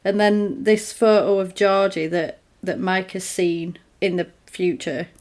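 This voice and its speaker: A woman on a podcast, casually recapping a horror film and acting out the characters in quick quoted voices. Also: medium pitch, steady tone, a little mellow. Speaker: podcast co-host.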